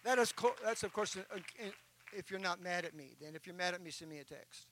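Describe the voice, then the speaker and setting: A man's voice: high-pitched, a little fast, a bit bright, slight background noise, rough recording. A man preaching a sermon as a bishop, telling an illustration and building to emphatic points. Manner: storytelling with rising, emphatic preaching.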